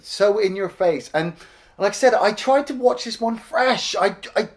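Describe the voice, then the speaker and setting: A man co-hosting a casual film review podcast, blunt and sweary, who gets worked up into loud rants. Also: high-pitched, moderate pace. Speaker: podcast co-host.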